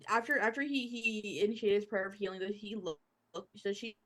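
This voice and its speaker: A woman's voice: mid-range voice, brisk, a bit bright. Woman tabletop player, kinda hesitant, lots of restarts. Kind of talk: playing a tabletop game.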